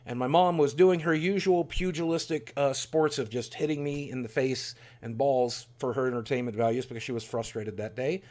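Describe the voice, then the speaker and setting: A man's voice: medium pitch, moderate pace, hardly any pauses, a little mellow. A man in his forties telling a candid, rambling personal story in a self-deprecating way. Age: 40s. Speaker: YouTuber.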